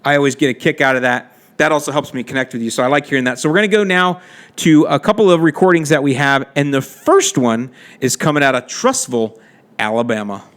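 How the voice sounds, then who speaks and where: A man's voice: a little high, animated, fast talker, fairly bright tone. A man hosting a casual podcast, answering listener questions with chatty, friendly advice and asides. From Florida. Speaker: podcast host answering lawn care questions.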